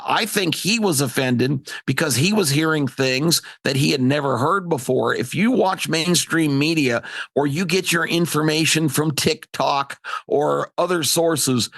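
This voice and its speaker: A man's voice: a little high, vocal fry, a bit bright, dry recording, studio quality. A man hosting talk radio, delivering an emphatic, indignant opinion monologue.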